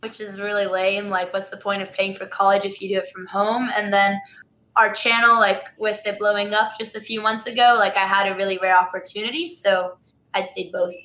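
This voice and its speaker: A woman's voice: medium pitch, level tone, fairly quick, sharp tone, rough recording. An eighteen-year-old woman who streams, chatting casually on a call in a bubbly, slightly flustered way. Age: teens. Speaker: streamer guest. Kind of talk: casual chat.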